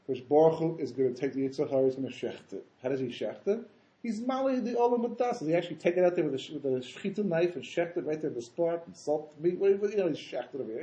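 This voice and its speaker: Animated rabbi a high, lively voice. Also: male voice, reverberant, rough recording. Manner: animated, acts out voices in quotes, rhetorical questions. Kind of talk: Torah lecture.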